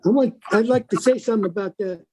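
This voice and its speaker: A blunt older man with a fairly high but mellow, darker voice. He recalls a battle in loose, unscripted talk and swears freely along the way. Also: fast, rough recording. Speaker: veteran recounting a battle. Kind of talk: unscripted recollection.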